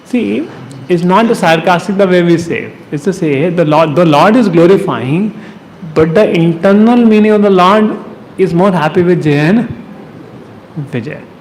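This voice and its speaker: Teasing Indian English lecturer, higher voice. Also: male voice, normal speed. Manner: lively, teasing, rhetorical questions, chuckles. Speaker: teacher of a devotional youth class. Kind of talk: devotional class lecture. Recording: long hall reverb, faint noise.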